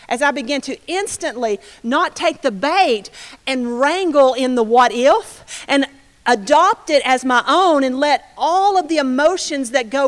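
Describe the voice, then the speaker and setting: High-voiced woman preaching in an echoing hall. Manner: animated storytelling, acts out quotes. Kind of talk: sermon testimony. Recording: reverberant hall.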